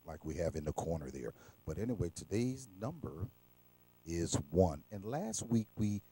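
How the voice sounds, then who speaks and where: Low-voiced man hosting a kids' lesson. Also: big pitch swings, dark tone, no echo. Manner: slow, repetitive, coaxing call-and-response. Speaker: children's show host. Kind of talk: teaching preschoolers.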